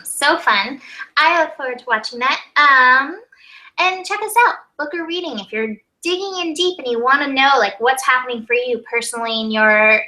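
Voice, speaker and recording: A woman co-hosting a web show, upbeat and quick to laugh as she chats and promotes the show. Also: on the high side, sharp tone, rough recording. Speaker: co-host.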